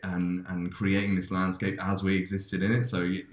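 Podcast host, male, low voice, loose rambling storyteller, echoey room. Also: monotone, normal speed. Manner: rambling, many restarts and fillers. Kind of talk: casual chat, telling a dream. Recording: roomy echo.

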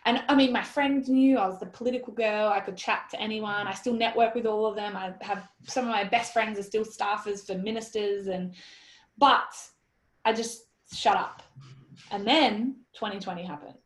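An Australian woman in her thirties telling a story in an interview, animated and blunt, quoting herself and swearing freely. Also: mid-range voice, normal speed. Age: 30s. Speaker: guest. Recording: roomy echoey sound.

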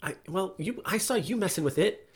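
A man's voice: high-pitched, lively intonation, moderate pace, breathy edge. A male podcast co-host in casual banter, wry and teasing. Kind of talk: casual chat.

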